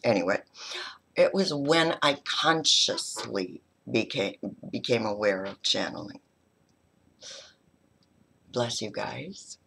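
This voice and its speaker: A middle-aged woman, a spiritual teacher, talking about her own experience in a halting, heartfelt way and now and then dropping to a whisper. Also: very deep voice, animated, vocal fry, fairly bright tone, breathy edge. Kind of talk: personal reflective talk.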